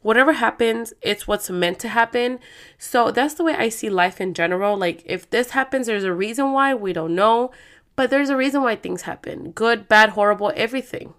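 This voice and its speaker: A woman's voice: fairly high pitch, lively intonation, normal speed, fairly bright tone. Chatty, profane woman podcast host. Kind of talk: casual solo podcast talk.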